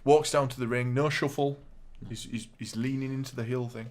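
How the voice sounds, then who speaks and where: A man casually recapping a wrestling show, animated and laughing as he acts out what people said. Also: mid-range voice, brisk. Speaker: podcast host.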